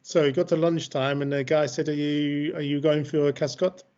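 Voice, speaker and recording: Chatty host, slightly raised pitch, dull lo-fi call sound. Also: male voice, steady tone, normal speed, a little mellow. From Yorkshire, England. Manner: chatty, leading the questions. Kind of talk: casual chat.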